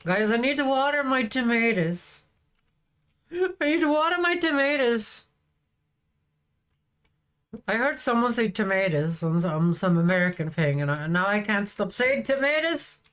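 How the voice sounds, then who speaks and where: A woman's voice: medium pitch, animated, moderate pace, few pauses, fairly bright tone. A woman streaming a farming game, chatting casually and teasing her viewers with a playful, giggly manner. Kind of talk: casual live-stream chat.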